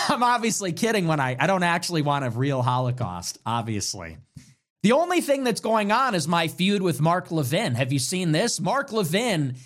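This is a man hosting a livestream who reacts to viewer messages with sarcastic, rambling commentary and frequent laughs. His voice sits slightly higher than most men's. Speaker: livestream host.

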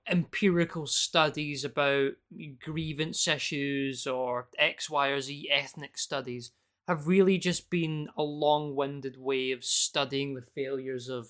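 Higher-voiced man, measured talk. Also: a bit bright. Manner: measured, building long sentences. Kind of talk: livestream discussion.

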